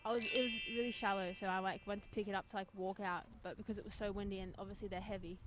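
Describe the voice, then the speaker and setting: A woman's voice: mid-range voice, steady tone, fast, a little hiss or hum. A young woman with an Australian accent giving short, shy answers in a casual interview. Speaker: soccer player.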